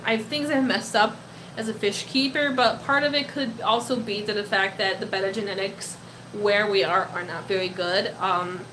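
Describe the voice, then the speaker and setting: A sharp-toned, rather high female voice comes through a low-quality recording with a little hiss or hum. It belongs to a young woman from Poland, a native Polish speaker, who live streams with her pet, reading viewer comments, chatting, giggling, and using baby talk with the animal.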